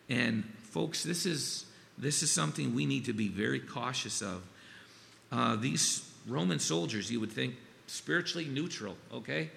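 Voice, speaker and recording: A middle-aged man preaching a sermon, earnest and halting, with many fillers and restarts. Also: medium pitch, creaky, a bit bright. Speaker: pastor. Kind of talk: sermon with scripture reading. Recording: long reverb, faint ambient noise.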